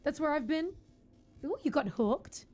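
A woman's voice: high-pitched, expressive, measured pace, darkish tone, soft background music. A woman streaming a game live, commentating with panicky outbursts and swearing, and chatting with her viewers between fights. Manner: chatty, thanks and talks to viewers.

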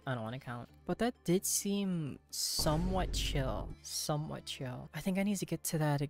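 A man's voice: fairly high pitch, lively intonation, moderate pace, over music. A man commentating his own gameplay, tense and shaky, swearing often and repeating himself in frantic bursts. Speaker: gaming streamer.

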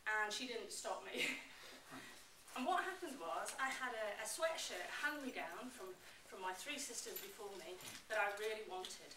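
A woman giving an animated, expressive presentation on public speaking to a class. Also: mid-range voice, normal speed, far from the mic, noisy background. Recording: roomy echo, mic from afar.

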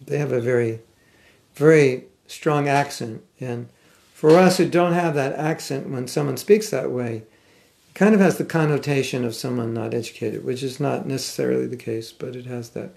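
An older American man with a General American accent giving a scripture class, speaking thoughtfully with some halting restarts and reading passages aloud. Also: medium pitch, gravelly, a little mellow. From United States. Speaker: spiritual teacher. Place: class room.

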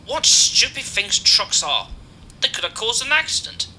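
A narrator voicing a proud male steam engine in a high, indignant voice. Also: very animated, moderate pace, pushed and bright, slight background noise, rough recording. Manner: indignant, exclaiming.

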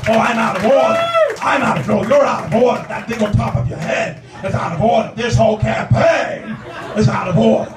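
A man impersonating a tense, gravelly middle-aged movie star who mumbles low and then bellows, heard from far off in an echoey club. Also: fairly quick, a crowd in the background, background noise. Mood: yelling.

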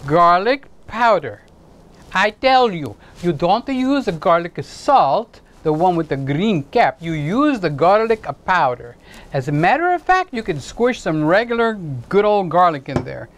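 A man hosting his own home cooking video, chatting playfully to viewers with joking asides. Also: rough recording. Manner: swoops into high excited exclamations. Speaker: home cooking channel host. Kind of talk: casual cooking demonstration to camera.

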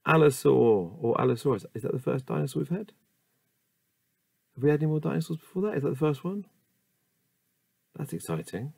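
A man's voice: medium pitch, big pitch swings, vocal fry, a little mellow, husky, no room sound. A man reading dictionary entries aloud one by one, stopping now and then for casual asides and musing about how words are said. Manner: reads word lists slowly with asides and musing. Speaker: reader of a dictionary.

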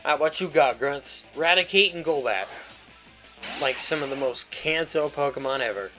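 A man's voice: on the high side, moderate pace, music in the background, low-quality recording. Chatty man commenting on his gameplay. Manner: chatty and jokey, swears freely. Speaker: let's play host.

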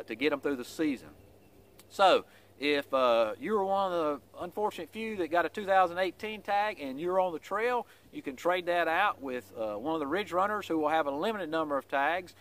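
A man's voice: on the high side, fairly bright tone. A man giving a casual weekly vlog update in a folksy, rambling way, with many "uh" fillers.

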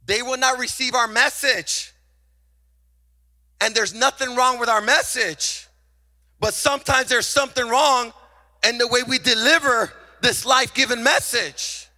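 High, bright-voiced preaching pastor. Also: male voice, fairly even intonation, unhurried. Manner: passionate, call-and-response preaching. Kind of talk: sermon.

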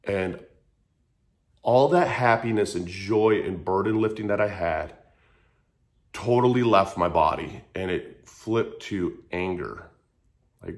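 A man's voice: low voice, takes it slowly, long pauses. A man in his thirties telling a raw personal story in a casual, earnest way, swearing freely and repeating phrases. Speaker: vlogger sharing his story.

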